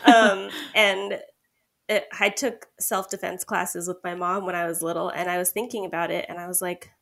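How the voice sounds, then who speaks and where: A woman's voice: fairly low pitch, moderate pace, creaky. A young woman co-hosting a podcast, chatting casually and acting out quoted lines as she tells stories. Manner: animated storyteller, acts out quotes. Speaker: podcast co-host. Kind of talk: casual chat.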